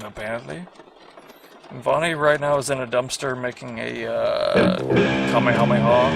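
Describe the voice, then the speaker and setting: A man casually commenting on his own animated series, rambling, swearing and poking fun at himself. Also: medium pitch, gravelly. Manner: rambling, profane, self-mocking. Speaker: creator of an animated web series.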